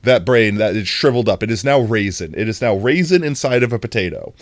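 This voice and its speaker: A livestream host chatting casually with viewers, excitable and playful, often breaking into long laughing fits. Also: mid-range voice, a little fast, no echo. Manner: excitable, greets chat by name; playful, jokey self-talk. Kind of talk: casual live-stream chat.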